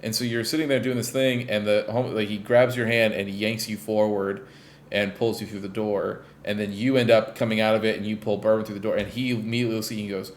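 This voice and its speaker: A man co-hosting a podcast in loose, casual chat. His voice sits on the low side, and he rambles along with plenty of fillers and the occasional swear word. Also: flat delivery, quick pace. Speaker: podcast co-host.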